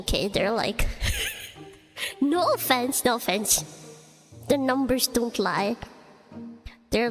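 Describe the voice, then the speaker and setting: A slow-talking young woman with a slightly high voice, chatting casually as a streamer and rambling through her story with constant fillers and little giggles. Her voice carries a long reverb tail, and music plays clearly behind her. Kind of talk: casual chat.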